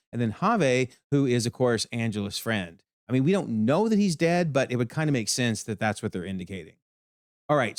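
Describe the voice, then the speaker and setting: Male video commentator, mid pitch, very expressive delivery, dry close mic, for an episode breakdown. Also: no room sound. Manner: animated, exclaiming.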